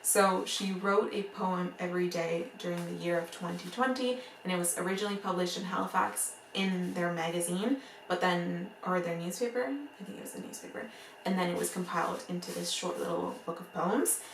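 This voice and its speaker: Book vlogger: an excitable, rambling woman with an accent, a bit of vocal fry, recorded in an echoey room with a distant mic. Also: fairly low pitch, a little fast, a little hiss or hum. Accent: noticeable accent. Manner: gushing and excitable, laughs often; rambling, full of "like" and restarts. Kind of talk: casual chat to camera. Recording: roomy echo, mic at a distance.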